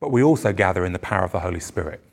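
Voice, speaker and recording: A man's voice: low-pitched, lively intonation, very fast. A man preaching a sermon to his congregation, earnest and emphatic, his phrases rising on key words. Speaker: pastor. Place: church service venue.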